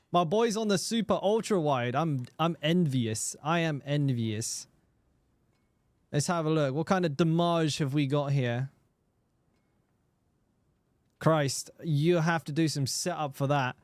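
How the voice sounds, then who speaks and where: A man's voice: on the high side, no room sound. Aussie guy streaming games, chatty and sweary, keeps repeating himself, dry close mic. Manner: casual, swears freely, chats with viewers; stammers and repeats words. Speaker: game streamer. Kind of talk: casual live-stream chat.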